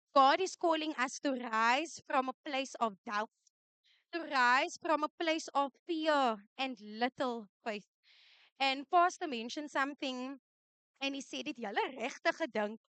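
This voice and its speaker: Lady giving a church message, high voice, dry sound, repeats stuff for emphasis. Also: a bit bright, dry recording. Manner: switches between English and Afrikaans, repeats key lines for emphasis. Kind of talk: sermon. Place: church service.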